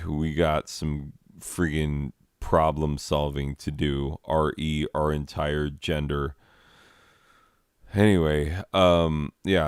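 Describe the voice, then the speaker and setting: Deep, slow-talking man riffing exasperatedly. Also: clear, resonant tone, dry recording, clean studio sound. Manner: rambling, exasperated, lots of "like" fillers. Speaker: comedy commentator reading slides. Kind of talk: casual comedic commentary.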